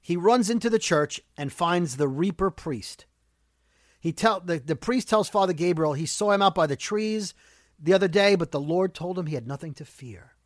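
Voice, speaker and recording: High-voiced man recapping a TV episode. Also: no room sound, studio quality. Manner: animated, talks fast, rants about plot holes. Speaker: podcast host recapping a TV episode. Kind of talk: casual recap chat.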